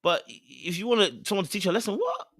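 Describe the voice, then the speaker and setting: A man's voice: high voice, animated, rapid-fire, creaky, a bit bright, dry recording, studio quality. A man hosting a reaction show, blunt and repeating his points for emphasis. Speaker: reaction channel host. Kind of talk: casual reaction commentary.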